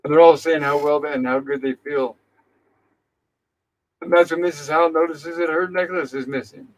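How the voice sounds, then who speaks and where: A man's voice: on the high side, fairly even intonation, normal speed, slight background noise, rough recording. A man hosting a casual show, retelling an episode's scenes in an easygoing way and reading characters' lines aloud. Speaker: host.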